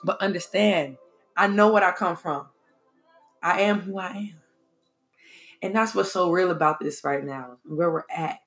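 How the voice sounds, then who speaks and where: A woman in her twenties talking in an animated, profane, emphatic way in a casual chat. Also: on the low side, unhurried, long pauses, faint music behind. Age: 20s.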